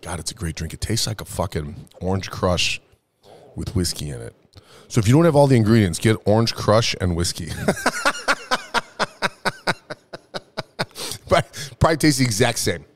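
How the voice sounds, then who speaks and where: A man's voice: fairly low pitch, sing-song, fairly quick. A young man hosting a casual comedic talk show, rambling and swearing a lot while tipsy from drinking. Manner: profane, rambling, jokey. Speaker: podcast host.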